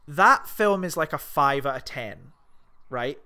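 A man co-hosting a casual film podcast, rambling and excitable, swearing often as he talks. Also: medium pitch, normal speed, clean tone. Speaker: podcast co-host.

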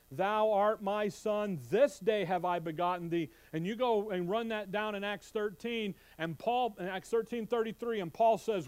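A man preaching an expository Bible sermon, reading scripture aloud and quizzing his listeners with questions. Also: high-pitched. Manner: animated, quizzing the congregation with questions; reads scripture aloud in King James wording.

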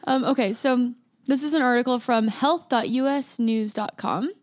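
A woman's voice: a little high, normal speed, dry recording. A woman co-hosting a podcast, speaking in a thoughtful, earnest way and reading an article aloud. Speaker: podcast co-host.

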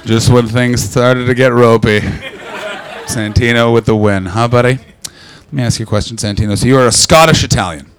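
A Canadian man doing loud, crude crowd work as a stand-up comedian in a comedy club. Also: medium pitch, normal speed, a little hiss or hum.

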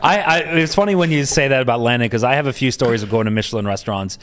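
A man's voice: mid-range voice, racing, a bit bright. A man from upstate New York, a poker player guesting on a podcast, talking in a loose, rambling way full of filler words. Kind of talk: casual podcast chat.

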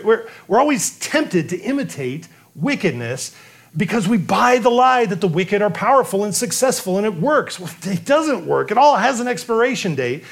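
Lively, higher-voiced preaching man. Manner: earnest preaching with repetitions and restarts. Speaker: pastor. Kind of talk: sermon.

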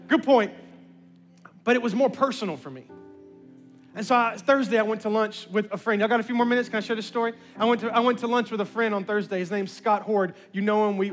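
A man pastor telling a story in a sermon, acting out the voices of the people in it. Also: high voice. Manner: animated, acts out quoted voices.

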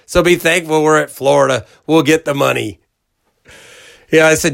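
A middle-aged man hosts a college football podcast, his voice a little high, fairly bright, and touched with vocal fry, with fairly even intonation at a normal speed. He rambles in a folksy way, talks right to his listeners with lots of emphasis, and acts out the voices of people he quotes.

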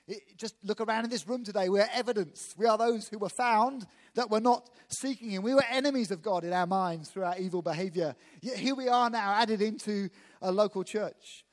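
A man from England preaching a sermon quickly and emphatically, turning to the congregation with asides. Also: high voice. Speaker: visiting pastor. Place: church hall. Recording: echoey church hall.

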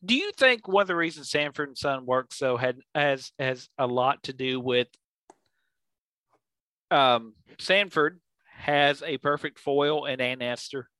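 A man co-hosting a podcast, chatting in a relaxed way and recounting anecdotes. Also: medium pitch, a little slow, dry recording. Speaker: podcast co-host. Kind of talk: casual chat.

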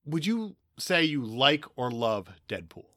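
A man co-hosting a casual movie podcast, with a bright, forceful voice that swings widely in pitch. He talks in an emphatic, opinionated way and laughs often. The sound is dry and close, with no room in it. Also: sing-song, a little slow, dry recording. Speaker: podcast co-host.

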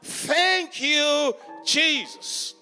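A male preacher with a very high, bright voice delivers his sermon slowly, leaning on repeated refrains and breaking into shouts. His voice rings out with a long reverb across a large church hall. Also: faint music behind.

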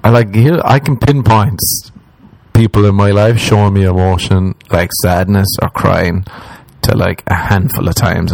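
A man's voice: a little mellow, no room sound, low-quality recording. A young man with an Irish accent, telling personal stories in casual talk, self-mocking and swearing freely. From Ireland. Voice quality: laid-back, self-mocking, swears freely, quotes himself in a low mutter. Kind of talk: casual storytelling monologue.

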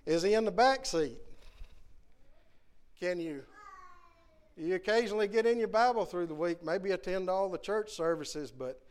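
A man's voice: high-pitched, moderate pace, pauses often, smooth. A man preaching a Sunday morning sermon in a church, earnestly putting question after question to the congregation. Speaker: guest preacher. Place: church sanctuary.

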